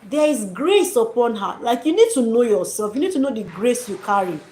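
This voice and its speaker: A woman's voice: a little high, lively intonation, brisk, a little mellow. A woman giving her viewers casual, preachy motivational advice and calling them dearies. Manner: encouraging, preachy, addresses viewers as dearies and sis. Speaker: YouTube channel host. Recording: echoey room with faint noise.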